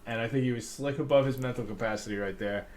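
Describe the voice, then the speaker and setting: A man's voice: mid-range voice, fast, a little mellow, reverberant. A man co-hosting a podcast, recapping a TV show in a casual, profane chat and laughing often. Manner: profane, laughing, acts out characters' lines. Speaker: podcast co-host.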